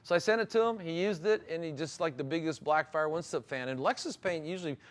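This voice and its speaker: A man's voice: a little high, quick pace. Upbeat man telling shop stories. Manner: storytelling, enthusiastic, folksy. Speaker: car detailing product host. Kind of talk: casual live-stream chat.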